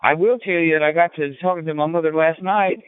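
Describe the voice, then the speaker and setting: This man's voice runs on the high side, steady, brisk, and clean, with no echo. He is in his sixties, from Illinois, with a slight Southern twang, chatting on a ham radio net as a rambling, folksy storyteller full of fillers, heard as a tinny radio transmission.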